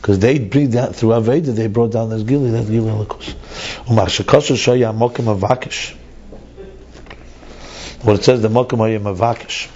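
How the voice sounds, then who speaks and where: A man with a lowish, dark, mellow voice leads a study class. He reasons aloud, circling back and repeating words as he works through the text. The recording sounds dull and lo-fi, with a faint hiss behind him. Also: fairly even intonation, normal speed. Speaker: teacher of a Chassidus class.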